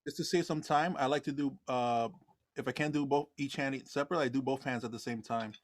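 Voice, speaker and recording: A man's voice: medium pitch, fairly even intonation, brisk, no echo. A man taking part in a drum lesson, offering practice tips in a casual, hesitant way. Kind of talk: casual chat.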